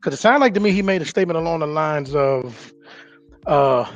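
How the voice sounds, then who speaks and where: A man's voice: fairly high pitch, expressive, fairly quick, muffled recording, faint music behind. A man speaking as a guest on a casual live talk show, blunt and wry, in street slang.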